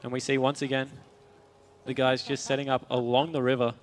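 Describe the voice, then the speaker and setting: A man with an Australian accent, commentating a video game match on a headset and calmly explaining the mechanics in detail. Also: medium pitch, brisk, a little hiss or hum. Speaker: esports caster. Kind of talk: play-by-play commentary.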